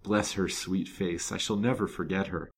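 A man reading the part of a kindly, loyal older woman in a storybook, slow and earnest. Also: low-pitched, steady tone, slight background noise.

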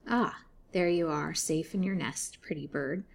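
A woman's voice: low-pitched, a little slow, exaggerated voice. A woman reading a storybook, voicing a grim and spiteful old woman who keeps a girl locked up. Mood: mocking. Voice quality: croaking.

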